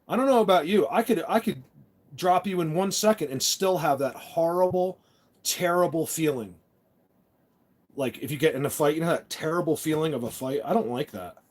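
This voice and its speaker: A man's voice: on the high side, darkish tone. Rambling man chatting on a phone live stream. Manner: rambling, talks tough in jest. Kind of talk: casual live-stream chat.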